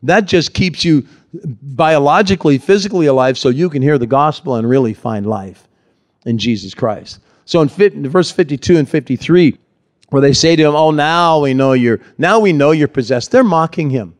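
A man preaching a sermon, animated, acting out the voices in the scripture he reads. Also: fairly high pitch, moderate pace. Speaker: pastor.

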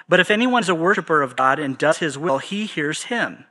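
Male Bible teacher, bright, fairly high voice, casual conversational delivery with slangy paraphrases. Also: expressive, moderate pace, few pauses.

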